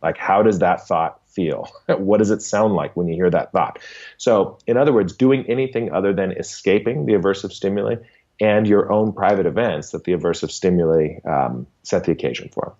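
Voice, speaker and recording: Speaking briskly in a low, dark voice, a man who works as a behavior analyst walks an interviewer through ideas on a podcast with patience, frequently adding "right?". The recording sounds muffled.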